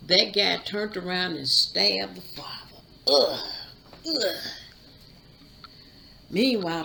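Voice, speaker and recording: A woman's voice: medium pitch, vocal fry, bright, forceful tone, slight background noise, poor audio. A woman hosting her channel, chattily retelling a movie plot with asides. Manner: chatty, drawn-out storytelling with asides. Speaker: YouTube channel host.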